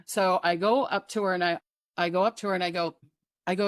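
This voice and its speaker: A woman guest on a chat show, telling stories in a lively way, acting out the voices of other people and laughing often. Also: mid-range voice, brisk, no room sound, studio quality. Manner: animated, acts out quoted voices, laughs often. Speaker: psychic guest. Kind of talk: casual storytelling chat.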